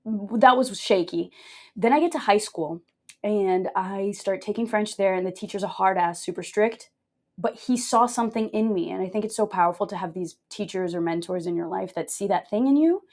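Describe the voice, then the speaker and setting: Woman from Brazil, podcast guest, candid, jokey storyteller, animated swings in tone. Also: mid-range voice, normal speed. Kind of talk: casual interview storytelling.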